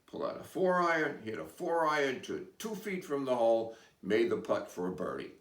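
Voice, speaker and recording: A man's voice: medium pitch, very animated, moderate pace, a bit bright, distant mic, voice pushed up. A man voicing a stubborn, overconfident golfer who brushes off advice in a dismissive way. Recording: roomy, away from mic.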